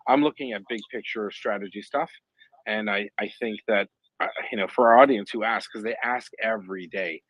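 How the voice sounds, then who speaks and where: A man chatting on a live audio panel, mid-pitched and animated, with a joking, rambling delivery. He restarts his sentences often. The sound is dry and close. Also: a little fast, no echo, poor audio. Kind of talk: casual chat.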